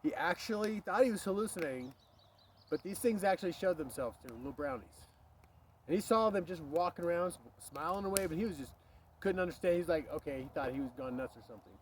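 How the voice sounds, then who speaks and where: A man telling a spooky childhood story outdoors in a rambling, animated way, swearing and breaking off for passing cars. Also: high-pitched, quick pace. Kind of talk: casual outdoor storytelling to camera. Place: outdoors by a street. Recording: street traffic noise behind.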